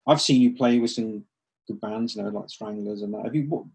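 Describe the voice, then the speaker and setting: A man's voice: fairly low pitch, brisk, gravelly, a little mellow, breathy edge. A male radio host asking friendly, hesitant questions. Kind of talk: radio interview.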